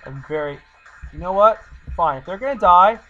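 Exasperated gamer doing let's play commentary over faint game music, mid pitch, slightly muffled audio. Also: expressive, normal speed.

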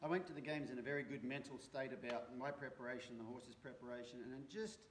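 A man who trains horses, talking casually in a live video with a relaxed, rambling way of telling stories and frequent restarts. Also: mid-range voice, quick pace, slight background noise. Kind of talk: casual conversational chat.

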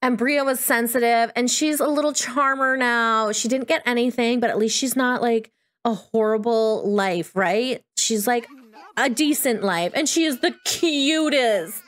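A woman giving chatty, excitable Let's Play commentary over a life-simulation game, breaking into squeals at small wins. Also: on the high side. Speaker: gaming YouTuber.

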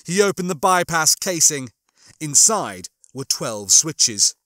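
A man reading a comic sci-fi novel aloud and chatting between chapters in an animated way. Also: on the high side, slow pace, no echo, studio quality. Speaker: audiobook reader.

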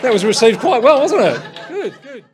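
A man's voice: extremely high pitch, big pitch swings, normal speed, crowd noise, background noise. A man hosting a comedy show, telling jokes with an upbeat, chuckling manner. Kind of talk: stand-up joke telling.

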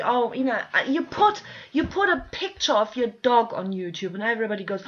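A woman with a high voice delivers a frustrated, pleading rant to her viewers from home. She swears freely and keeps pressing her audience to listen. The recording sounds dull and lo-fi. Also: lively intonation, normal speed, a bit bright. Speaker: video blogger. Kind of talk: impassioned ranting monologue. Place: at home with dogs nearby.

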